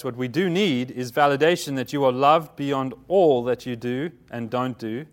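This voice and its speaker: A man giving a conversational sermon, often asking his listeners questions and stopping to correct himself. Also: fairly high pitch. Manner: conversational preaching, asks the congregation questions; self-correcting, repeats words. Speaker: pastor.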